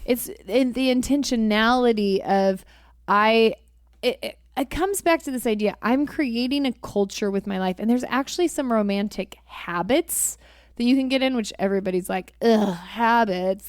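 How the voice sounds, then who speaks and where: A woman's voice: a little high, normal speed, smooth, no echo, studio quality. A woman co-hosting a relationship podcast, chatting casually with her husband and acting out playful quotes. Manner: animated, acts out playful quotes. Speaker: podcast co-host.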